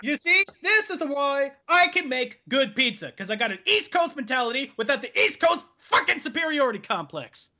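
Profane ranting woman, lively pitch. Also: normal speed, few pauses. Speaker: podcast co-host. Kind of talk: casual chat.

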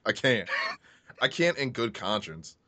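A man hosting a podcast in casual chat, wry and halting, often repeating himself and laughing. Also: mid-range voice, big pitch swings, bright, forceful tone, no echo. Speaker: podcast host.

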